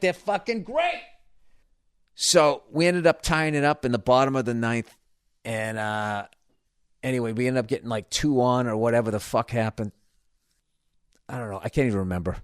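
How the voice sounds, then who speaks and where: A man's voice: mid-range voice, no room sound, studio quality. A middle-aged man, ranting casually and profanely, often stumbling and restarting his sentences. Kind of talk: casual rant about baseball.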